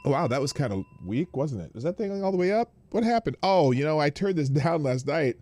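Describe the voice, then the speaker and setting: This man's voice is on the high side and a bit fast, with a little hiss or hum in the recording. Hosting a casual morning live stream, he greets viewers individually by name, animated and full of rambling digressions.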